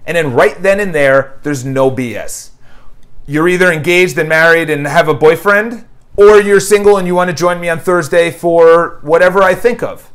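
High-voiced man giving an emphatic book talk. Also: a little slow. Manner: emphatic, repeats phrases, lists questions; quotes an author's dialogue in paraphrase. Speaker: book reviewer. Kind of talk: casual motivational monologue. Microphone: new microphone, home video.

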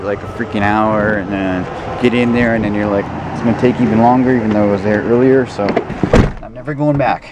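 Grumbling man with a low voice. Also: noisy background. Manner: blunt and grumbling, swears freely; high sing-song baby talk to a dog. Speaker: vlogger. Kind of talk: casual vlog chat. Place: outdoors on a rural property with horses.

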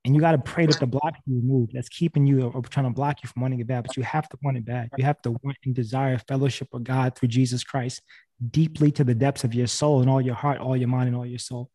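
A man's voice: mid-range voice, steady tone, fast, warm tone, husky. A man preaching casually and earnestly on a video call, repeating key phrases, with frequent restarts. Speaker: speaker sharing a faith testimony on a video call.

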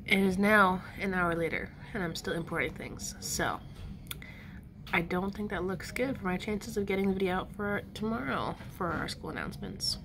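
Speaking at a moderate pace and medium pitch, a young woman from California chats to the camera from home while background noise is audible. Her nose sounds slightly stuffy, and she rambles in a self-deprecating way, often laughing at herself.

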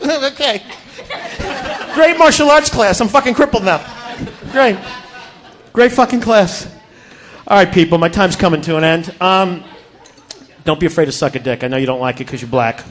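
A male stand-up comedian doing a crude, profane club routine on stage, yelling his punchlines into a handheld mic. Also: very high voice, expressive, brisk.

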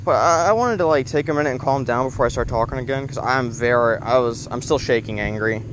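A young man talks to his camera outdoors by a lake, excitable and rambling, and swears now and then. His voice sits at an average pitch. Faint background noise runs under the recording. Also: fast talker. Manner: excitable, swears when frustrated, rambling explanations. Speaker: angler filming his fishing trip. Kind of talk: casual outdoor fishing vlog.

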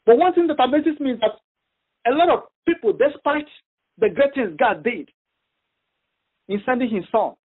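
Male preacher, very high and husky, halting and emphatic, phone-line audio. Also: expressive. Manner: halting, repeats himself, emphatic retelling. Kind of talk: sermon over a phone prayer line.

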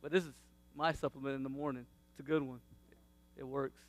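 A man, around his thirties, sharing a faith testimony about his family in a casual, animated way, laughing often and acting out what people said. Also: mid-range voice, a little fast.

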